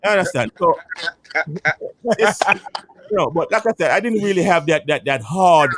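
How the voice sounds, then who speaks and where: Brief: West Indian man from Antigua, slightly high voice, lively repetitive storyteller on a podcast panel. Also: normal speed, a little hiss or hum. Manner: animated storytelling, repeats himself. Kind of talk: casual chat.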